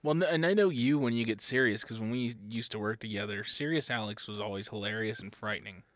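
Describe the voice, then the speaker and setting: A man's voice: fairly low pitch, fast talker, a bit bright, dry recording. A man co-hosting a casual chat show who teases his friend, laughs a lot and cuts in with jokes. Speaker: podcast co-host.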